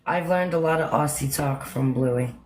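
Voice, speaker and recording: A woman's voice: a bass voice, moderate pace. A woman chatting playfully on a livestream, asking the others to say words. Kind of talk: casual livestream chat. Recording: distant voice with loud noise.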